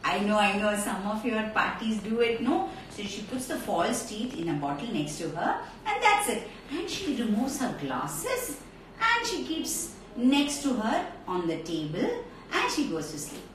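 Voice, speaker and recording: A woman telling a story to children in an animated, direct way, streamed live from a phone. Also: on the high side, unhurried. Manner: animated, talks straight to children. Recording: echoey room, far from mic, faint noise.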